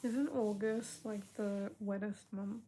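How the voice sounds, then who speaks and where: A young woman talks slowly and casually to her livestream audience. Her voice is mellow and unhurried, and she reads out comments from chat and answers them with frequent laughs. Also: mid-range voice, steady tone, slight background noise. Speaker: livestream host.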